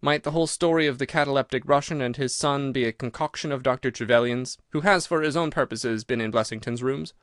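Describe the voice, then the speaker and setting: A man's voice: mid-range voice, fairly quick, few pauses, dry recording, clean studio sound, natural voice. A man doing a mild, modest doctor companion. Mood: tentative.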